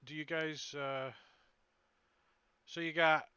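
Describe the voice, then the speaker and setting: Man game master on a voice call, relaxed and rambling, bright and dry sound. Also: on the high side, slow, clear, resonant tone, no echo, dull audio. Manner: relaxed, rambling, loose fillers. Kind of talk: narrating a tabletop game.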